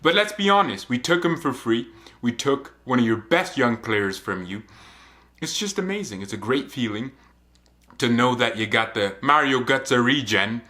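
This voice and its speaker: A young man gives casual football commentary for his fan vlog. His delivery is joking and animated, and his voice has a bright, forceful ring. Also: medium pitch, normal speed. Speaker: football channel host.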